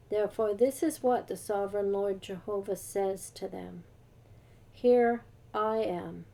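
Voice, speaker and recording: Woman co-host reading scripture; unhurried, dark and soft-edged voice. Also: medium pitch. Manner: slow, measured reading aloud.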